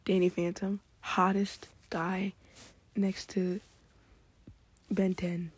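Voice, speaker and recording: A woman chatting excitedly in a hushed, whispery late-night ramble at home, trying not to be heard. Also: medium pitch, takes it slowly, husky, no room sound. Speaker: podcast host.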